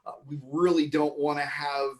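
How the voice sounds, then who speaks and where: A man's voice: on the high side, little pitch movement, normal speed, a little mellow. A man hosting an online improv comedy show, introducing the cast with rambling, filler-laden banter over a video call. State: mouth full of marshmallow. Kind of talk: livestream host banter.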